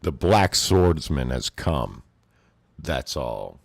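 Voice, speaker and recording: Man playing a grim swordsman, deep, gravelly low, clipped, menacing. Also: very animated, extremely slow, no room sound, studio quality, full character voice. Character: grim, terse, hulking male swordsman.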